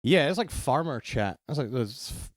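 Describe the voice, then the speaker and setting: A man from Edinburgh with a Scottish accent, a podcast guest explaining things in a relaxed, matter-of-fact way during casual chat. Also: mid-range voice, moderate pace. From Scotland, Edinburgh.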